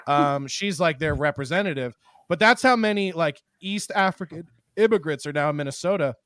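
Male podcast host from Philly; a bit high-pitched, animated, dry close-mic sound. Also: dry recording. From Philadelphia, USA. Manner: animated, quick bursts, swears. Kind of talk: casual chat.

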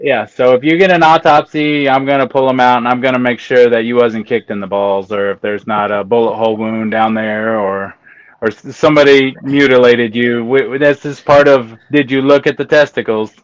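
A man's voice: medium pitch, fairly even intonation, normal speed, clear, resonant tone, dry recording, poor audio. A man in casual podcast conversation, telling stories about his job with amusement and acting out the exchanges he quotes. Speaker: guest, embalmer and autopsy tech.

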